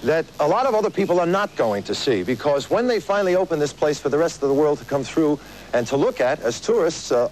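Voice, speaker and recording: Joking TV variety host, outdoors. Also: male voice, a little high, darkish tone, slight background noise, low-quality recording. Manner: chatty, joking, laughs at his own gags. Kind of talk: live outdoor TV show opening monologue with jokes. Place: outdoors on location.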